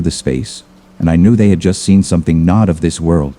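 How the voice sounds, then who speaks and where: Man, horror story narrator, deep voice, very dark tone, measured, ominous, scripted. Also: expressive.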